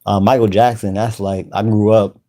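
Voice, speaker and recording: A man hosting a casual live stream, greeting viewers by name in relaxed slang. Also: on the low side, moderate pace. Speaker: channel host.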